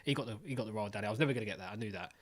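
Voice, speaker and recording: A young podcast host races through casual chat in a fairly low voice, telling stories animatedly, acting out voices and swearing freely.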